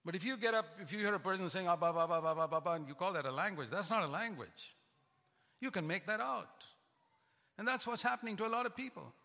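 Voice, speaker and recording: An older man preaching a sermon, emphatic and rising in pitch to stress his points. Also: expressive, fairly quick, creaky, pushed and bright. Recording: long hall reverb.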